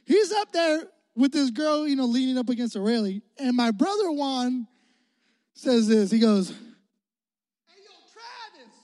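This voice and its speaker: A young male preacher from the Chicago area with a high voice, telling a story in an animated, joking way and talking straight to his audience. The recording is close and dry. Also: normal speed, no echo. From Chicago area, United States. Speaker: youth preacher. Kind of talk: storytelling sermon.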